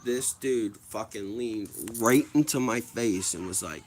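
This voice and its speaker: Slow, rambling, foul-mouthed man. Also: lowish voice, a little hiss or hum. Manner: rambling, swears freely, many restarts. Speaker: livestream host. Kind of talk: casual livestream storytelling.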